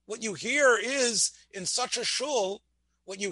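A man's voice: very high voice, moderate pace, sharp tone, no room sound. A man giving a Torah class, asking his listeners questions and often restarting his words. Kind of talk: Torah lecture.

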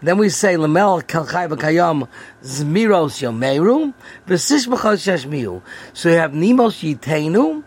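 A man hosting a daily prayer lesson, explaining terms in a relaxed teaching manner. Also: a little high, a little slow, breathy edge. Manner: explanatory, sprinkled with Hebrew and Yiddish terms. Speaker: host.

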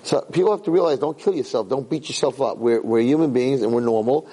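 Middle-aged man, rabbi, Torah lecture, animated, emphatic, repeats himself, medium pitch. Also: fast talker, a little hiss or hum, low-quality recording. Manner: animated, emphatic storyteller who repeats words and restarts phrases. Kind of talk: Torah lecture with personal storytelling.

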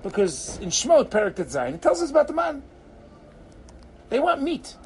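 A man teaching an animated Torah class, theatrical, acting out characters and sprinkling in Hebrew phrases. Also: very high voice, brisk, slight background noise, rough recording.

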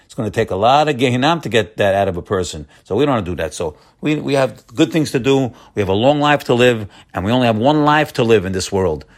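A man of middle pitch gives a homespun Torah talk as a religious teacher. He circles back to his points again and again and calls his listeners his friends. His delivery is loose and unpolished, full of stammered restarts. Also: expressive, quick pace, few pauses. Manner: folksy, repeats key phrases, calls listeners "my friends"; hesitant restarts and stammered repetitions.

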